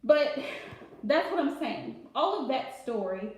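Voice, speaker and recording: High-voiced woman in a very echoey room. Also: sing-song, a little slow, darkish tone. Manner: emphatic, repeats key phrases; straightforward, candid. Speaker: vlogger. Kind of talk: casual storytelling chat.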